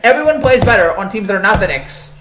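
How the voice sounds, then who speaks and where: Male sports-stream host, lively pitch, rambling banter, echoey room. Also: fast. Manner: rambling, joking, many restarts and fillers. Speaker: sports show host reading live chat. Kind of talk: casual live-stream chat.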